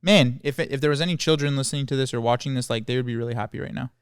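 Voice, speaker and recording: A man co-hosting a podcast who talks with earnest, playful enthusiasm. His voice is clear and smooth, captured close in a dry studio with no echo. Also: medium pitch, very fast. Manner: earnest, playful, easily excited. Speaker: podcast co-host. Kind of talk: casual chat.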